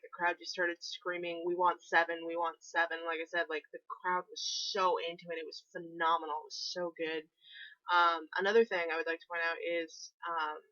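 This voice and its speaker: Young woman, casual vlog chat, gushing, sarcastic, fairly low voice, dry dull lo-fi sound. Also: pushed and bright, no room sound. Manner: gushing, sarcastic, swears often. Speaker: vlogger.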